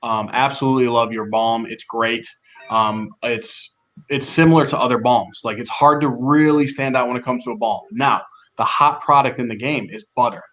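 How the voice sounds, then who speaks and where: A man's voice: medium pitch, steady tone, moderate pace, a bit bright. A man co-hosting a casual podcast, joking around and asking the guest questions. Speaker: podcast co-host.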